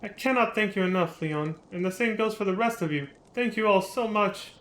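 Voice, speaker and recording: A man voicing a gruff middle-aged male airship engineer, reading game dialogue aloud with earnest feeling. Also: high-pitched, brisk, fairly bright tone, echoey room. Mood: grateful.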